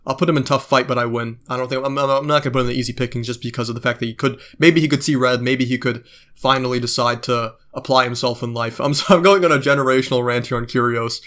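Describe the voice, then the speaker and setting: Ranting man with a mid-pitched voice. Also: fairly even intonation, quick pace, a bit bright. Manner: ranting, profane, many fillers. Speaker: vlogger. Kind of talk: casual monologue.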